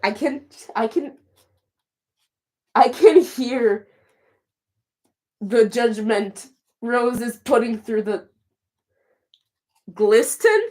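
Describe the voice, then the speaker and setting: A woman livestreaming, answering her chat in a casual, chatty way with quick flustered restarts. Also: a little high, darkish tone.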